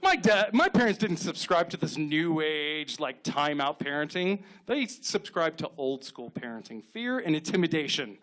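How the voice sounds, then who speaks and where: A man in his thirties performs a stand-up set on a club stage, his voice sitting a bit high for a man. He tells deadpan stories into a handheld mic and slips into quick acted-out quotes. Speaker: stand-up comedian.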